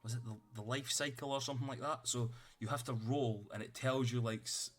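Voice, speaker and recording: A man's voice: medium pitch, steady tone, a little fast, a bit bright. A man running a tabletop game, chatting out of character in a rambling way and swearing freely. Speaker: game master. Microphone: streaming setup.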